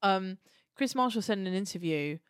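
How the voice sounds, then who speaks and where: A woman's voice: medium pitch, expressive, normal speed, clear, resonant tone, no room sound, studio quality. A young woman co-hosting a podcast, gushing with enthusiasm in casual chat. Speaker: podcast co-host.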